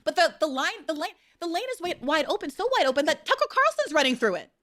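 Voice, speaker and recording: Fast, passionate high-pitched woman. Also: very animated, a bit bright. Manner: passionate, rapid, emphatic. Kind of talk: heated political debate.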